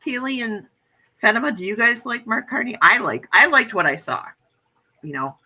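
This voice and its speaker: A woman's voice: fairly high pitch, animated, normal speed, bright, forceful tone, husky, low-quality recording. An American woman hosting a casual livestream chat, talking earnestly and reading viewer comments aloud. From United States.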